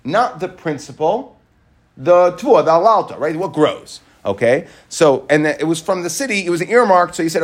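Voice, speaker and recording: A man's voice: a little high, lively intonation, moderate pace. Man teaching a Talmud lesson. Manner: reads Aramaic phrases then explains them in English, rising and falling emphasis. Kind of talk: Talmud lesson explaining the Gemara.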